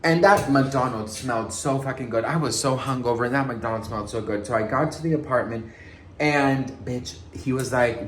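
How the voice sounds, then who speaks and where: A man's voice: medium pitch, quick pace, a little hiss or hum. A man vlogging celebrity gossip in a sassy, dramatic way, calling viewers girl and best friend and acting out quotes in raised voices. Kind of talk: casual gossip chat. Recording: echoey room with faint ambience.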